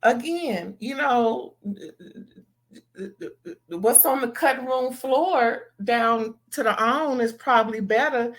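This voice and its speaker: A woman from California putting on a Southern accent, giving chatty, sassy reality TV commentary to her viewers. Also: a little high. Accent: Southern US, put on. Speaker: reality TV reviewer. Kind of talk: casual commentary vlog.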